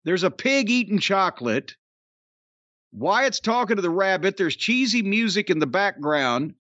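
High-voiced profane man ranting. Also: sing-song, unhurried, fairly bright tone, no room sound, dull audio. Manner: blunt, profane, exasperated. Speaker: podcast host. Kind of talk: ranting wrestling commentary.

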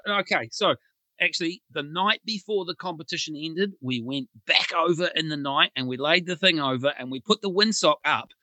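Bright-voiced New man telling stories. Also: on the high side, no room sound. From New Zealand. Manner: chuckling storyteller. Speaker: guest. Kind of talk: casual anecdote.

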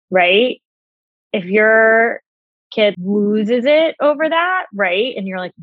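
A woman's voice: medium pitch, measured pace, dry recording. Supportive woman, slightly dull dry sound. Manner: supportive, agreeing, frequent "right?". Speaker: podcast co-host. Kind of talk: casual advice chat.

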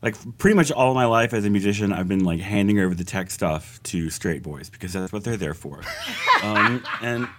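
Man, podcast co-host, musician, wry, rambling, lower voice. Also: animated, normal speed, heavy background noise. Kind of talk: casual podcast chat.

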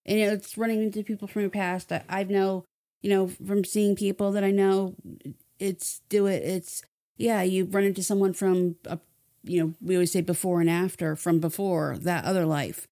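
A woman's voice: mid-range voice, level tone, warm tone. A woman guest on a podcast, chatting casually and supportively, chiming in with agreement. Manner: supportive, quick to laugh, chimes in. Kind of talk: casual chat.

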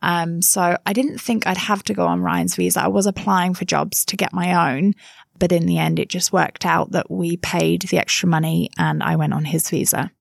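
Woman with a southern English accent, thirties, gravelly voice, chatty and frank, dry close sound. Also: fairly low pitch, fairly even intonation, moderate pace, no room sound. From England. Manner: chatty, frank, laughs easily. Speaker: interviewee, mother living abroad. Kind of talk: casual interview chat.

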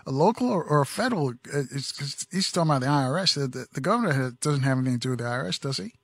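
Brisk male radio host, dry studio sound. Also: mid-range voice, lively intonation, no room sound. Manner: brisk, interjecting, repeats call-in number. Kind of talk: radio call-in hosting.

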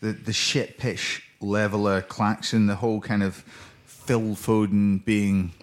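A middle-aged man, a former footballer, co-hosting a casual football podcast in an animated, jokey way. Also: lowish voice, measured pace. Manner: animated, jokey, laughs often, does mock impressions.

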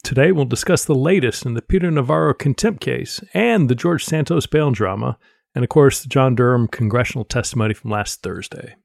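A man co-hosting a political podcast, speaking in a measured way with dry sarcasm. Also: medium pitch, lively intonation, gravelly, no room sound. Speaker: podcast co-host. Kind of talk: casual political podcast chat.

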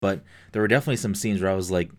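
A man's voice: deep voice, very fast. A man chatting casually and enthusiastically, swearing often and using lots of fillers. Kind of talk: casual podcast chat.

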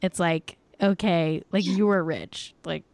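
A young woman hosts a podcast from her desk at home over a video call, her voice smooth and clear. She talks casually and bluntly, swears freely and fills her sentences with "like." The sound is dry and close, with no room echo. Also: fairly low pitch, fairly even intonation, slow pace, a little mellow. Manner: frank, swears freely, heavy use of "like". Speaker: podcast host. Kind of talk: casual chat.

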